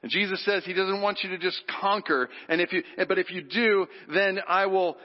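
A man preaching a sermon, animated, leading the congregation in call-and-response. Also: high-pitched, normal speed. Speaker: pastor. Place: church sanctuary. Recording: dull sound with long hall reverb.

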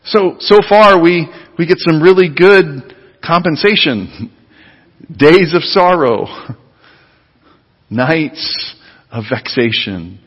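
A man preaching a sermon as pastor. He is emphatic and leads the congregation in repeating words, then sinks to low, quiet tones on key phrases. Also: lively intonation, slow pace, long pauses, slightly rough, long reverb tail, lo-fi sound. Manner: leads the congregation in call-and-response repetition.

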